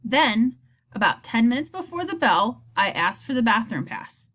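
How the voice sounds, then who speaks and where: A woman reading a children's novel aloud, telling the story in an expressive first-person voice. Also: on the high side, normal speed, breathy edge. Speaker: audiobook reader.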